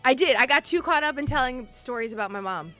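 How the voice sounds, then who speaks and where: A young woman who lived in Puerto Rico, telling rambling, profane stories on a casual game live stream and getting worked up and loud. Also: high voice, animated, fast talker, soft background music.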